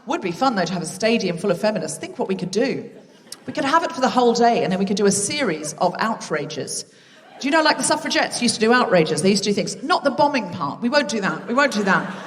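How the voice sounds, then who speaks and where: A woman's voice: medium pitch, sing-song, fast, long reverb tail, distant mic. A woman hosting a live comedy podcast on a theatre stage, chatty and self-mocking as she banters with the audience. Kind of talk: live stand-up hosting with crowd work. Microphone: stage microphone.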